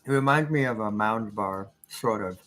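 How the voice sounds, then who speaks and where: A woman with a strikingly deep, low voice, sitting beside the host on a home stream. She drops dry, joking remarks in a relaxed, casual way. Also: moderate pace. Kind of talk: casual chat.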